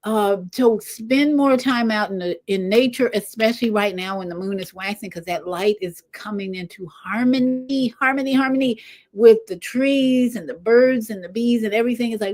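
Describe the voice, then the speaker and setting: Older woman, livestream host, casual spiritual chat, rambling, animated asides. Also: on the high side, moderate pace.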